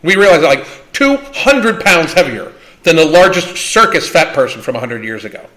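A man's voice: on the high side, big pitch swings, normal speed, pushed and bright. A man hosting a livestream Q&A, talking in a blunt, profane and combative way. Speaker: livestream host. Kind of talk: livestream Q&A rant.

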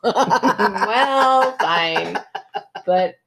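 A woman in her thirties from Kentucky, co-hosting a podcast in casual chat, excitable, giggly and playfully defensive. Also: mid-range voice, drawn-out words, gravelly, a crowd in the background. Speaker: podcast co-host.

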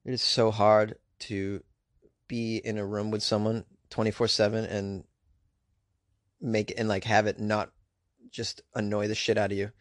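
A man's voice: lowish voice, level tone, a little slow, long pauses, dry recording, clean studio sound. A man hosting a podcast, giving comedic commentary on odd news with crude, sarcastic riffs and asides. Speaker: podcast host.

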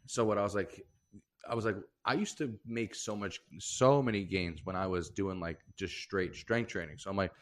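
A man's voice: fairly low pitch, normal speed. A young man co-hosting a comedy podcast, telling stories in a loose, profane, laughing way. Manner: profane, animated storyteller, laughs often. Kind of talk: casual podcast chat.

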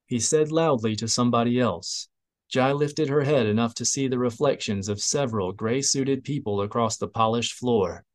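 A man narrating an audiobook in a steady, even reading voice. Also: medium pitch, normal speed. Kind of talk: scripted narration.

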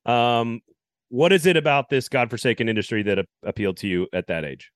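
A man's voice: mid-range voice, animated, a little fast, no room sound, studio quality. A man hosting a casual podcast interview who asks loose, rambling questions. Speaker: podcast host.

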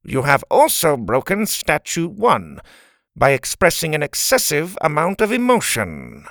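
A man's voice: on the high side, huge pitch swings, measured pace, fairly bright tone, dry recording, studio quality, pitched above the performer's own voice, full character voice. A man voicing a cold, nasal alien school principal who lays down the rules. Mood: stern. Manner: cold, commanding. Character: stern, emotionless alien female principal.

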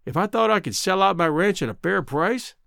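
A man voicing a brash, loud cowboy rancher who talks in drawling frontier slang. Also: high voice, animated, brisk, vocal fry, no echo, studio quality, heavily acted. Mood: boisterous.

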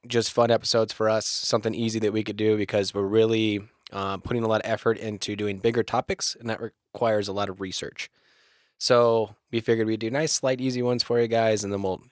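A man's voice: fairly low pitch, no echo, studio quality. A man co-hosting a podcast, chatting casually with friends, swearing a lot and laughing often. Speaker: podcast co-host leading the episode.

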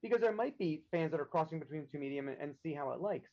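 Cheeky, lively male podcast guest. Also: fairly high pitch, lo-fi sound. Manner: cheeky, quick to joke. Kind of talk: casual chat.

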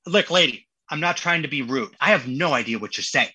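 Bright, husky-voiced man telling stories. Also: on the high side, brisk, few pauses, no echo, low-quality recording. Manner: animated, acts out quotes in voices. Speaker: podcast guest. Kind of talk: casual storytelling.

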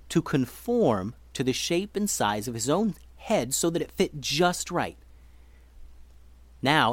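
A man narrating a children's story as host, expressive and shifting his pace. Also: medium pitch, no room sound.

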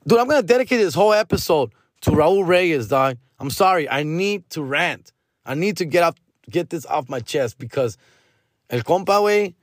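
A man's voice: medium pitch, no echo, studio quality. A man hosting a podcast, telling a story as a casual rant, profane and slangy, mixing in Spanish. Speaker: podcast host.

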